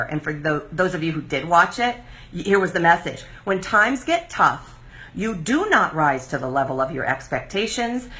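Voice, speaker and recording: A middle-aged woman hosting a live recovery talk show, speaking emphatically and directly to her viewers. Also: lowish voice. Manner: emphatic, lively, talks straight to viewers.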